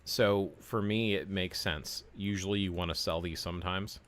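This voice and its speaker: Male streamer, forties, very low voice, relaxed and chatty, talks through gameplay. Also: normal speed, dry recording. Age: 40s. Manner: relaxed, chatty, explains game steps while answering chat. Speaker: game streamer. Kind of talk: casual livestream chat.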